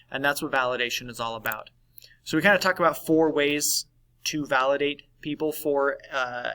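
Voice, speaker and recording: Male teacher, bright, slightly higher voice, conversational lesson delivery with frequent check-ins. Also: rough recording. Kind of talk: recorded class lesson on validation.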